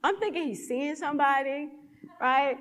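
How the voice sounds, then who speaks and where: A woman's voice: high voice, moderate pace, fairly bright tone, big-room sound. A woman speaker at a church event, telling a personal story in a sermon and acting out the dialogue with animation.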